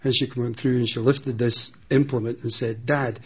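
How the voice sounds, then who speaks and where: Man, husky voice, reminiscing interview on a dull, muffled radio recording; measured, amused delivery. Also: mid-range voice, flat delivery. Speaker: interviewee recalling a friend.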